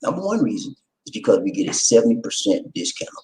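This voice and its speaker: A man's voice: fairly low pitch, sing-song, fast talker, dark tone, roomy sound, rough recording. A man giving casual, joking vlog commentary straight to his viewers. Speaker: vlogger.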